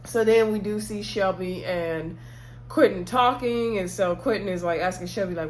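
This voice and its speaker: A woman's voice: medium pitch, moderate pace, a little hiss or hum. A woman casually recapping a TV episode in chatty storytelling style, acting out what the characters said and laughing along. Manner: laughs often while telling. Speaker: TV episode reviewer.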